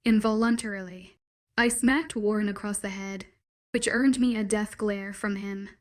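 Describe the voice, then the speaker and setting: A woman narrating a first-person romance audiobook with an even, steady reading. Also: medium pitch, moderate pace.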